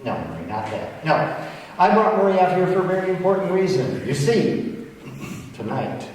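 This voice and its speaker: A man working as a stage hypnotist, giving playful, commanding suggestions and slowing into soothing instructions. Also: high voice, big pitch swings, darkish tone, slight background noise. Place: large hall stage. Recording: distant echoey hall recording.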